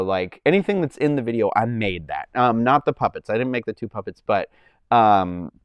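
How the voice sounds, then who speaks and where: A man's voice: mid-range voice, clear, resonant tone, dry recording. A man hosting a casual livestream from home, rambling loosely with lots of likes and ums. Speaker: livestream host. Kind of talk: casual chat.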